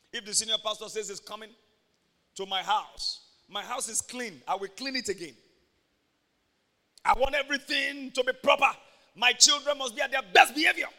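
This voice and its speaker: A man with a Nigerian accent preaching an animated sermon, moving from soft talk to shouts. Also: extremely high pitch, big-room sound. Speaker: pastor. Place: church.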